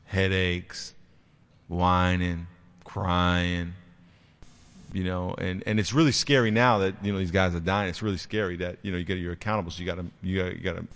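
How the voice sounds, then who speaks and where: A man preaching a sermon, telling a lively story from coaching kids' football, swinging between quiet, slow emphasis and loud excited bursts. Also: sits low. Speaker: pastor and youth football coach.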